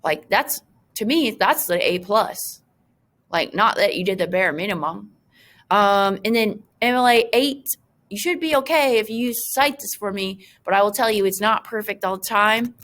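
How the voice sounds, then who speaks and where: A woman's voice: medium pitch, moderate pace, fairly bright tone. A woman teacher talking through a screen-recorded lesson, chatty and full of fillers, with joking asides to her students.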